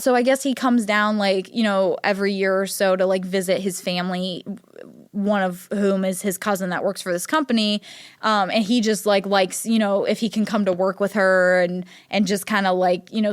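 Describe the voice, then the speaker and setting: A woman's voice: mid-range voice, no room sound, clean studio sound. A young woman from Ohio hosting a podcast, talking casually, chatty and self-deprecating with many fillers. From Ohio, United States. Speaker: podcast host. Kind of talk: casual solo chat.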